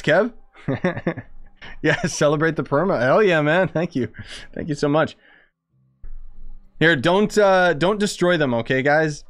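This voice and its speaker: Excitable young man streaming a game. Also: medium pitch, clear, resonant tone. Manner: excitable, chatty, thinking aloud. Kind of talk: casual live-stream commentary. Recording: dry close sound with faint music.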